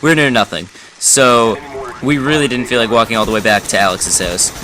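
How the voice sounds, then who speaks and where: A man's voice: medium pitch, lively intonation, a little fast, a crowd in the background. A young man casually telling a rambling, amused story while commentating over gameplay. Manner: rambling, amused, self-correcting.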